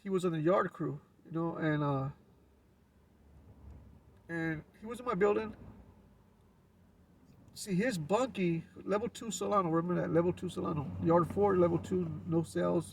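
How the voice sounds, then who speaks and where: Casting: LA man, gravelly and raspy, laid-back storyteller heard from off-mic. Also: on the high side, steady tone, normal speed, pauses often, far from the mic, slight background noise. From Los Angeles. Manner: laid-back street slang with frequent restarts. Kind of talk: casual storytelling.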